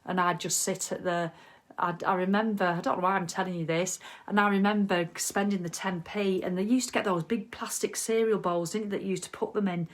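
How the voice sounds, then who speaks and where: A middle-aged woman, a wellness coach, chats casually on a live video in a mid-range voice at a fairly quick pace. She's chatty and animated, reading viewer comments out loud.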